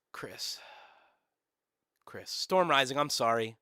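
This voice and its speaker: A young man rants on a live stream, sarcastic and profane, breaking into laughs. His pitch swings widely from low mutters to high outbursts. The sound is dry and close, with no room around it. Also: very animated, normal speed, a bit bright, no room sound. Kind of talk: casual live-stream rant.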